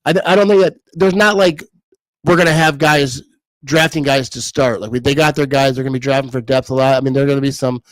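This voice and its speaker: A man's voice: medium pitch, fairly even intonation, fast, no echo, poor audio. Rambling man streaming from his desk. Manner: rambling, laughs often, repeats words. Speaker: livestream host reading comments. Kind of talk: casual live-stream chat.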